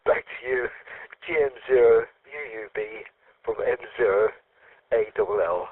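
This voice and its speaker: A man's voice: on the low side, a little slow, slightly rough, dry recording. A man from the UK checking into an amateur radio net and telling a story, with frequent ums and chuckles. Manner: storytelling, chuckling often, many fillers. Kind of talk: casual ham radio chat. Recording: phone-like radio audio.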